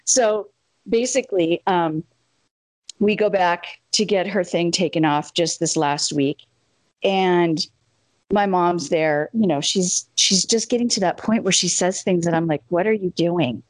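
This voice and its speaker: A middle-aged woman co-hosting a casual chat, telling an animated story and acting out the quotes. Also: on the low side, dry recording, low-quality recording. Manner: animated, acts out quotes, quick asides.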